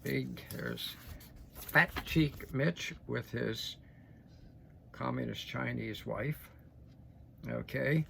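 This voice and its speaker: Gravelly older man giving emphatic commentary. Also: medium pitch, very slow, pauses often, pushed and bright, slight background noise. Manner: folksy, emphatic, frequent restarts and "okay?" asides. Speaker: political commentator. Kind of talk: opinionated news commentary.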